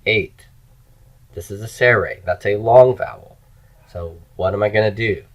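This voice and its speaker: Man, lecturer, Hebrew grammar lesson, low voice, step-by-step explanations, chanted word forms. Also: unhurried, low-quality recording. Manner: explains step by step, has students repeat after him. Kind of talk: recorded classroom lecture.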